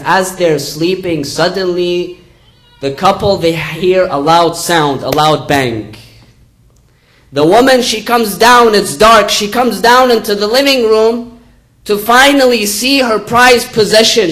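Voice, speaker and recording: A man preaching earnestly and telling a fable, repeating his key phrases and rising in pitch for emphasis. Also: fairly bright tone, low-quality recording. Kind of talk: sermon with a told fable.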